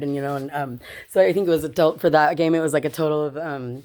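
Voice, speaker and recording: A woman's voice: sits low, fairly even intonation, quick pace, few pauses, dark tone. A woman vlogger telling a personal story casually to her viewers, chatty and swearing, often laughing and calling them "you guys.".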